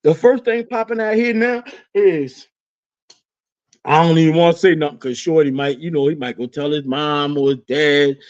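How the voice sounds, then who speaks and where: Podcast co-host, man, fairly high voice, lively, swears freely, lo-fi sound. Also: moderate pace. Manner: animated storytelling, swearing, laughing often. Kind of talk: casual chat. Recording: dull lo-fi sound.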